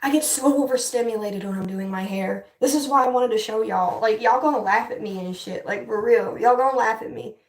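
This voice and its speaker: A woman's voice: fairly high pitch, fairly quick, hardly any pauses, recorded from a distance. A young woman livestreaming as she styles her hair, chatting casually with viewers, frustrated and swearing. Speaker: livestream host. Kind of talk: casual livestream chat while styling hair. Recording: echoey room, voice off-mic.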